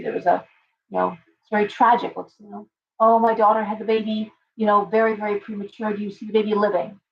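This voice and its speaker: A woman's voice: mid-range voice, little pitch movement, fairly quick, gravelly, dull audio, a little hiss or hum. A woman who runs a tarot shop, chatting casually on a live stream, rambling through stories and acting out her clients' lines.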